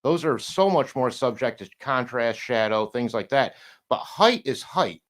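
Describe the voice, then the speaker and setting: A man talking casually as a podcast guest, rambling and halting with many restarts, now and then swearing and laughing. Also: medium pitch, lively intonation, a bit bright.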